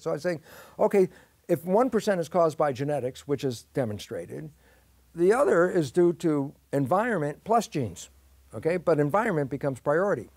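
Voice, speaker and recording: A man's voice: a little high, no echo. A man being interviewed as a guest scientist, explaining at length and acting out both sides of imagined conversations. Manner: lively, acts out both sides of imagined dialogues.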